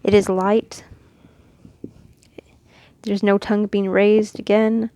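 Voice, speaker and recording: A woman from Mexico gives a relaxed, patient lesson, stopping often to demonstrate sounds. Her mid-height voice has a slightly gravelly texture. The recording is close and dry, with no room sound. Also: medium pitch, takes it slowly, no echo. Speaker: Quran reading teacher. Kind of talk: casual instructional lesson.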